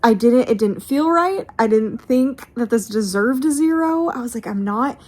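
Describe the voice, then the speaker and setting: A woman's voice: fairly high pitch, animated, moderate pace, a little mellow. Chatty woman rambling about books. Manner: rambling, self-interrupting, with frequent restarts. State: hiccups. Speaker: book vlogger. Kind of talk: casual chatty vlog.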